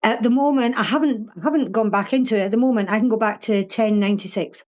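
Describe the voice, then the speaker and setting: A woman's voice: on the high side, quick pace, darkish tone, muffled recording. An older woman with a Fife Scottish accent, a guest chatting bluntly in an interview, swearing freely and laughing often. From Scotland (Fife). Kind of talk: casual interview chat.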